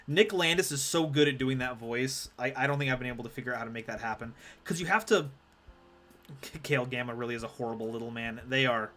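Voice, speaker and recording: A man's voice: mid-range voice, fast, a bit bright, faint music behind. A man streaming a card game live, rambling and self-deprecating as he chats with his viewers. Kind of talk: live gameplay commentary.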